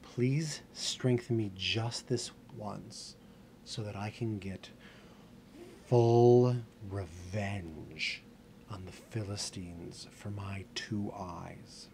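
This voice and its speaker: Man playing a blind chained strongman, desperate, vengeful, slow whispered pleading, gravelly, noisy recording. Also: fairly low pitch, fairly even intonation, a little mellow. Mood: desperate hushed. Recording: noisy background ambience.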